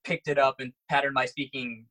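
A man from Bahrain with an American accent, chatting casually, eager and quick to laugh. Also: mid-range voice, flat delivery, bright, forceful tone, poor audio. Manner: eager, asks questions, laughs easily. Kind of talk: casual podcast chat.

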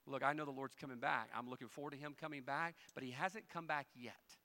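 A male pastor preaching a sermon, moving from quiet folksy storytelling with humorous asides to loud, rising emphasis. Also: medium pitch, fairly quick.

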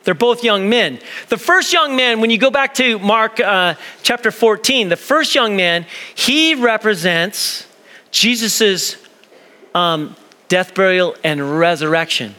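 A lively male preacher with a high, bright voice that swings widely in pitch. He talks to the congregation in a chatty way and slips into quoted voices. The sound rings with the long reverb of a church hall. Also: slow pace. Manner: animated, conversational, acts out quoted voices. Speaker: pastor. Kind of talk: sermon. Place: church sanctuary.

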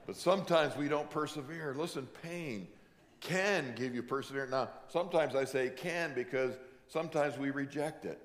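A male pastor giving a sermon, emphatic, slowing down to drive home each point. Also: a little high, big-room sound. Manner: emphatic preaching, slows down to stress points.

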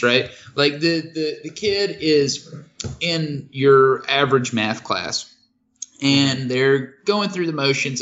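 A man's voice: medium pitch, a bit bright. Male podcast co-host, casual rambling delivery, muffled lo-fi recording. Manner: rambling, joking analogies with acted quotes. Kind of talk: casual chat. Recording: lo-fi muffled sound.

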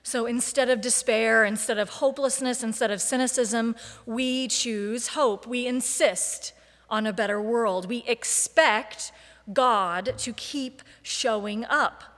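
A woman preacher giving a sermon, with a measured, deliberate delivery and emphatic lists. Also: on the high side, a bit bright, in a large hall.

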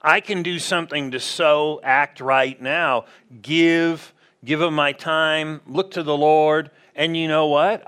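A man's voice: fairly high pitch, pushed and bright. A man preaching a conversational sermon in a church, often asking the congregation questions. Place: church sanctuary.

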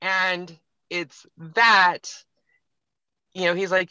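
Bright, tense voice on muffled audio. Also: male voice, sits high, slow pace, smooth, dry recording. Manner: reflective, retells a film scene in detail. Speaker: podcast guest. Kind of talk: casual conversation, storytelling. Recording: slightly muffled, lo-fi.

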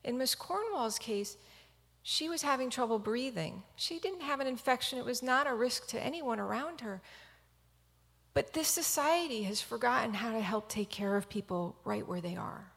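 A woman's voice: fairly high pitch, animated, moderate pace, gravelly, a bit bright, big-room sound. A woman physician telling a personal story in an earnest, reflective talk.

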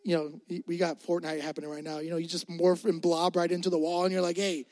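A male pastor preaching a sermon in an energetic, slangy, joking way. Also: a little high, fast. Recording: long hall reverb.

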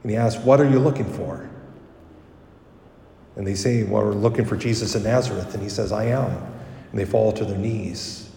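With a fairly low, creaky voice, a priest delivers a brisk, conversational homily in church. He stops to correct himself and turns animated when quoting people, recorded far off in the echoing space.

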